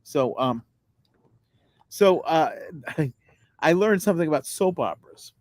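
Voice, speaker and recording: A man co-hosting a casual comedy podcast, teasing dryly and pausing on ums. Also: fairly high pitch, expressive. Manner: dry teasing, hesitant with ums. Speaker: podcast co-host.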